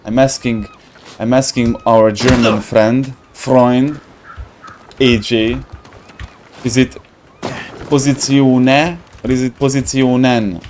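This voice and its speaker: A man's voice: medium pitch, steady tone, slow, long pauses, a little mellow, slight background noise. Laughing man rambling over a game. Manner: laughs often, rambling and joking, searches for words. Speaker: gaming streamer. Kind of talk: casual gameplay commentary.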